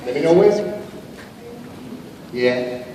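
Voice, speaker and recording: A man from Canada joking with the audience at a convention panel Q&A and breaking now and then into shouts. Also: on the high side, expressive, very slow. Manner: joking, shifts into bursts of shouting. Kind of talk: lively convention Q&A banter. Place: large convention hall. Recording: echoey convention hall, distant mic, loud crowd. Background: audience noise and cheering.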